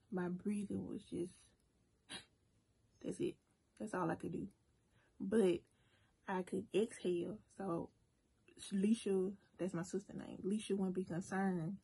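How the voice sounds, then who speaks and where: A woman vlogger telling a story casually to her viewers, animated and talking straight to them. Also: mid-range voice, gravelly, husky. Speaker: cooking and mukbang vlogger. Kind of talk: casual storytime while eating.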